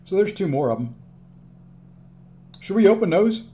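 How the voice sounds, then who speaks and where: A man's voice: high voice, big pitch swings, moderate pace, warm tone, slight background noise. A tired, upbeat man live-streaming a video game, chatting casually and thanking viewers by name as he plays.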